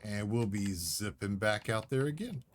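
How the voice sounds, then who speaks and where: A man's voice: on the low side, lively intonation, normal speed. A man streaming a space game, giving live commentary with self-mocking jokes and easy chatter.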